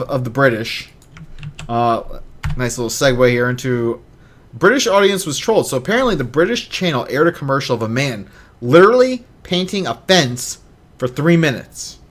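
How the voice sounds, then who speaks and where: A man in his thirties hosting a casual podcast chat, jokey and animated, swinging between loud bursts and mumbles. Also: on the high side, normal speed. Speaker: podcast host.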